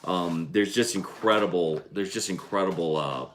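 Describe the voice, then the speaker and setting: A man co-hosting a casual homestead vlog livestream, talking in an easygoing, halting way with many restarts. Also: deep voice, a little hiss or hum. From United States. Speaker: vlog co-host.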